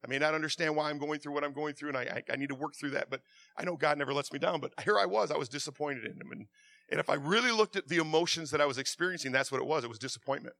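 High, bright male preacher, impassioned sermon delivery, stammers, swings from hushed to shouting. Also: rapid-fire, gravelly.

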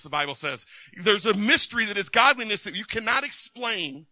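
Male preacher, high bright voice, animated sermon, loud bursts and hushed asides, dry close sound. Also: normal speed, no room sound.

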